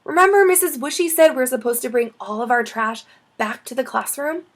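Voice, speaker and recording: A woman's voice: high voice, a little fast. A woman doing a kind, bold little schoolgirl. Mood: friendly.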